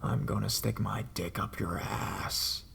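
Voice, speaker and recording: A threatening male phone caller in a horror story reading, put on by a man narrating. His voice is deep, rusty and almost a whisper, with a gravelly rasp. He drags his words out slowly and leeringly. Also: fairly even intonation, fairly bright tone, full character voice.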